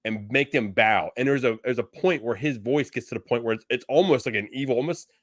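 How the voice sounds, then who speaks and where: A man's voice: mid-range voice, fairly quick, no room sound. Guy on a podcast rambling on, lots of restarts, super dry sound. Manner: rambling, many restarts and fillers. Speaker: podcast co-host. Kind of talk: casual fan discussion.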